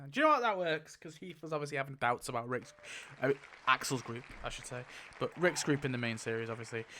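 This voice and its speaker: A man giving casual, excitable commentary while spinning a wheel, laughing often and mumbling lists to himself. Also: on the high side, a little hiss or hum. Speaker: YouTuber.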